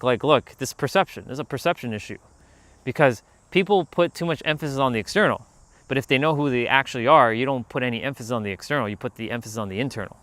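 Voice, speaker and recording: A man hosting a casual outdoor livestream, talking in a rambling, animated way and calling out to people passing by. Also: mid-range voice, no room sound. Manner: rambling, animated, calls out to passersby. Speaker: livestream host. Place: outdoors near a park.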